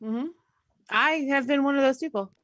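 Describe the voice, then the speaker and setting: Mujer de voz algo aguda y burlona. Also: female voice, sits high, moderate pace, fairly bright tone, no room sound. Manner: teasing, laughs often. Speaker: podcast co-host. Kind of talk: casual live-stream chat.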